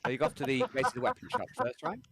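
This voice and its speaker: A man running a tabletop game as game master, relaxed and full of ums and restarts. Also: high voice, rapid-fire, gravelly.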